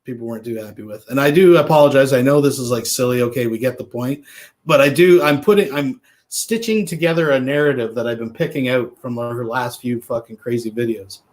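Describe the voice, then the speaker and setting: A man's voice: medium pitch, fairly quick. A man hosting a commentary video, talking in a wry, offhand way and swearing casually. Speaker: commentary host.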